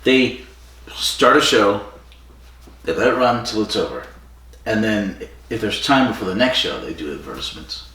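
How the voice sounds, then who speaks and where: Recorded from a distance in an echoey room, this podcast co-host has a fairly low, bright, forceful voice and speaks expressively at a moderate pace. He's casually retelling a story in relaxed chat, full of fillers and quoted lines.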